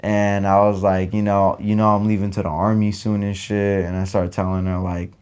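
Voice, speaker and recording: A young man telling a story in casual chat, animated and full of profane slang. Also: on the low side, moderate pace, clean tone, lo-fi sound. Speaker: podcast co-host.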